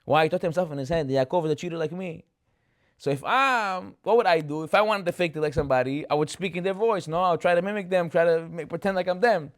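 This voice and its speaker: During a chatty Torah class, a rabbi tells the stories animatedly, voicing the characters and asking rhetorical questions. His male voice is on the high side and fast.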